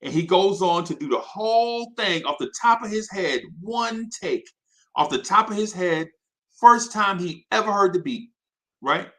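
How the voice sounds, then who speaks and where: A man with a bright, forceful voice sitting a little high for a man. He hosts a live show and tells his story with energy, restarting phrases and checking in with "right?" again and again. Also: expressive, a little slow. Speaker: host. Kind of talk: animated anecdote telling on a live show.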